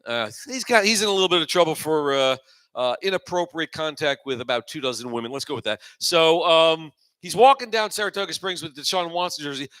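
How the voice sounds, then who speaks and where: A man in his forties fronting a live open-mic comedy night. His voice is bright and forward, set a little high for a man. He rambles loosely and lands dry, self-mocking punchlines. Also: expressive, fairly quick. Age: 40s. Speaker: host and stand-up comedian.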